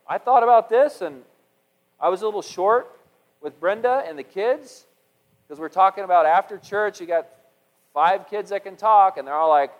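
A middle-aged man preaching a sermon as pastor, animated, with repeated words and restarts, swinging from loud passages to hushed ones. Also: sits high, moderate pace, big-room sound, rough recording.

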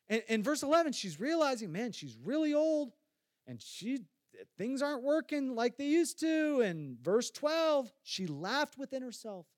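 A man's voice: very high-pitched, big pitch swings, a little slow, no echo, studio quality. A man preaching a sermon as a pastor, talking conversationally, putting questions straight to his listeners and repeating phrases for emphasis.

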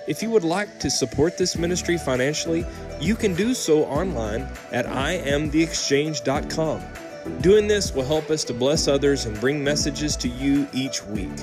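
A man calmly reading a scripted ministry announcement that introduces the day's sermon. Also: on the high side.

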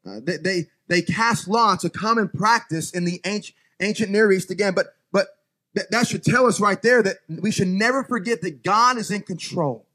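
High-voiced pastor. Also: male voice, normal speed. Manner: folksy, talks straight to the congregation; swings from quiet scripture reading to loud exhortation. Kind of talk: sermon. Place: church sanctuary.

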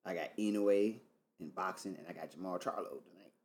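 A man's voice: deep voice, fairly quick, darkish tone. A man in casual podcast banter, teasing his co-host and chiming in with short reactions. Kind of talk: casual chat.

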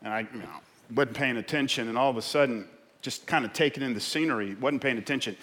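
Impassioned preacher with a bright voice. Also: male voice, mid-range voice, fast talker, long reverb tail. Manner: impassioned, with stammered restarts. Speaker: pastor. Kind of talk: sermon.

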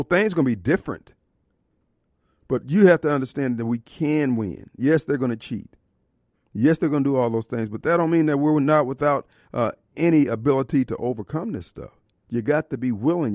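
A man's voice: a little high, a little mellow, no room sound, studio quality. A man hosting a talk radio show, delivering a fired-up political monologue and live ad reads. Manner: impassioned, preachy, colloquial, shifts into live ad reads. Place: radio studio. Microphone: studio microphone.

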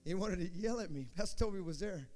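A man with a high voice preaches a sermon, acting out each story as he tells it. He jumps into shouted quotes and then drops back to a low, earnest tone. A faint guitar plays behind him. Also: animated, fast talker. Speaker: pastor.

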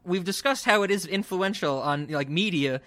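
A man co-hosting a casual movie podcast, enthusiastic and quick to laugh. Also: high voice, sharp tone, no room sound. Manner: giggly, enthusiastic. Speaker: podcast co-host.

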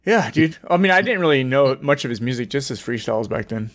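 A man co-hosting a podcast in casual chat, excitable and laughing often, swearing a lot. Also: mid-range voice, fast. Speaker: podcast co-host.

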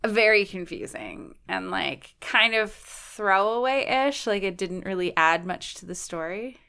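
A woman with a Canadian accent, co-hosting a casual podcast and talking about a film in a chatty, animated way with lots of "like.". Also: medium pitch, unhurried, creaky, smooth. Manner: chatty, heavy use of "like", animated. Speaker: podcast co-host.

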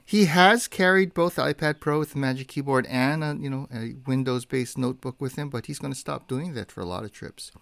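Chatty man with a gravelly voice. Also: mid-range voice, a little fast, hardly any pauses, a bit bright, no echo. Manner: chatty, rambling, self-correcting with many fillers. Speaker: podcast co-host. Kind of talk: casual tech chat.

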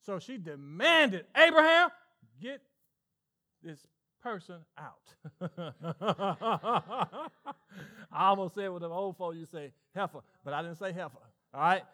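A male pastor with a Southern US accent, preaching an animated sermon and acting out voices in call-and-response style. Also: high-pitched, slow pace. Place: church sanctuary with congregation.

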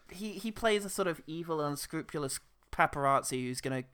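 A man's voice: fairly high pitch, big pitch swings, measured pace, fairly bright tone, no echo. A man hosting a podcast, chatting casually, swearing and laughing often. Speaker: podcast host. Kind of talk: casual chat.

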